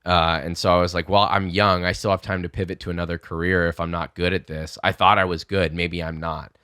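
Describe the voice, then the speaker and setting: Deep-voiced young man, dry close sound, animated storyteller who swears a lot. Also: brisk, clear, resonant tone, dry recording. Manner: animated, swearing, acts out quotes. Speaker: podcast guest. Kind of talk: casual storytelling.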